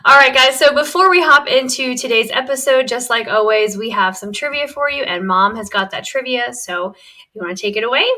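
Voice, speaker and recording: A woman's voice: on the high side, fairly quick, sharp tone. A woman co-hosting a podcast, chatting in an upbeat, playful way and laughing often. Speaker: podcast co-host. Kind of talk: casual podcast chat.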